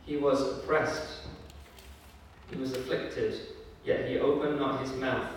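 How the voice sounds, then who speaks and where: A man preaching a sermon in an earnest, measured way, with fillers and raised emphasis when he quotes scripture. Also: mid-range voice, steady tone, a little hiss or hum. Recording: echoey hall from far off.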